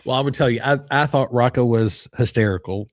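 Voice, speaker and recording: A man's voice: medium pitch, brisk, no echo. A man with a Texan accent co-hosting a casual podcast, teasing in a dry, easygoing way. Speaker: podcast co-host. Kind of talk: casual live podcast chat.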